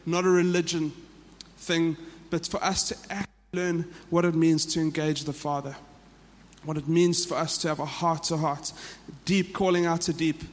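South African pastor preaching in a reverberant hall. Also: male voice, fairly high pitch, level tone, normal speed. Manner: earnest, repeats and restarts phrases. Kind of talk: sermon. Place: church.

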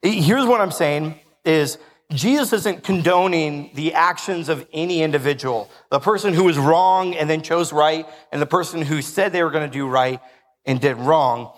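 A man's voice: a little high, normal speed, big-room sound. A male pastor preaching a conversational sermon, joking and asking the congregation questions.

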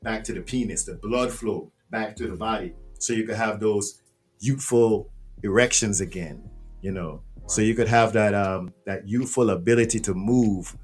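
A man talking as a podcast guest, animated and full of rhetorical questions, swearing freely. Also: fairly low pitch, normal speed, distant mic, faint music behind. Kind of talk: casual podcast interview.

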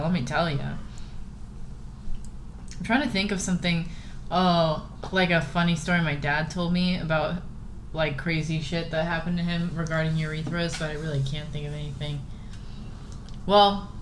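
A young woman co-hosting a casual chat, giggly and animated, often breaking into laughter. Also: low-pitched, a little hiss or hum.

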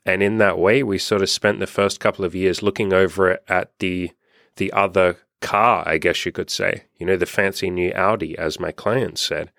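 Deep gravelly-voiced man, frank and candid. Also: steady tone, moderate pace, a bit bright, no echo, clean studio sound. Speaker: life coach. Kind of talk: casual monologue to camera.

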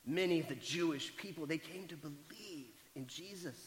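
A male pastor preaching a sermon, retelling a story dramatically and moving between loud emphatic lines and hushed, quiet ones. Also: fairly high pitch, moderate pace, in a large hall, low-quality recording.

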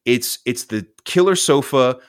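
A man's voice: medium pitch, lively intonation, measured pace, dry recording, studio quality. A young man co-hosting a casual movie-review podcast, laid-back and rambling, full of "dude" and "like". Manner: laid-back, tangent-prone, says "dude" and "like" often. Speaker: podcast co-host.

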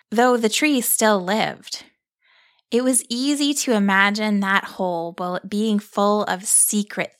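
Lady narrating a soft story, calm and unhurried, explains stuff along the way. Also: mid-range voice, vocal fry. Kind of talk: gentle scripted narration.

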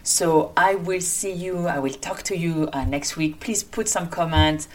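A woman's voice: fairly low pitch, unhurried. A woman physician with a French accent, hosting a solo podcast in an earnest, hopeful way with many fillers. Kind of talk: casual solo podcast talk.

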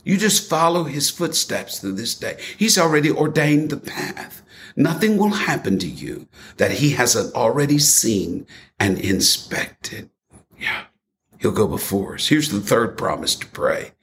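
A man preaching a sermon, quoting scripture and old hymn lyrics in an expressive delivery. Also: mid-range voice, measured pace, a little hiss or hum.

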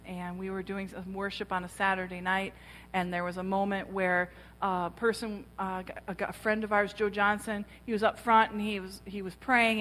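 A woman with a mid-range, fairly bright voice preaches her testimony to a gathering of church women, mimicking the voices of people in her story. A little hiss or hum is audible, and the big hall gives her words a long reverb.

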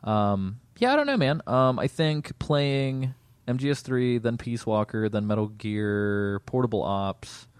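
Relaxed male podcast co-host, dry close sound, loose and chatty. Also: medium pitch, a little slow, smooth, no echo. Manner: laid-back, many fillers, laughs easily. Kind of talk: casual podcast chat.

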